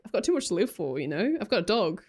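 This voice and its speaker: A young Australian woman speaks fast in a mid-range, sing-song voice that's a little mellow and husky. She's chatting casually on a live stream, reading chat aloud, greeting chatters and laughing often.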